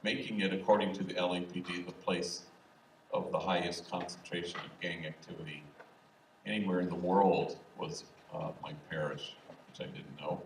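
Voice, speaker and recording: Low-voiced older priest in an echoey hall. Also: male voice, fairly even intonation, creaky. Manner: humorous, anecdotal, unhurried. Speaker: priest and speaker. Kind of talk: public talk with storytelling. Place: university event hall. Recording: echoey hall, distant mic, faint hiss.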